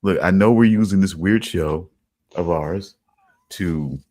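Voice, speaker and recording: A man co-hosting a podcast in casual chat, halting and repeating himself. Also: deep voice, dark tone. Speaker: podcast co-host.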